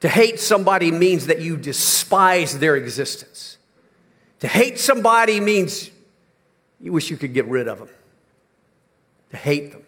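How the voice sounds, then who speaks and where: A male pastor preaching a sermon dramatically, slowing down and dropping low for emphasis, then rising to near shouts. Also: expressive, big-room sound.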